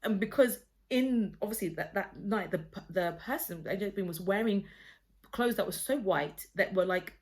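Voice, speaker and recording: A woman telling a personal faith story to her phone camera at home, earnest and rambling, with many restarts. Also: medium pitch. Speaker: vlogger sharing a personal testimony.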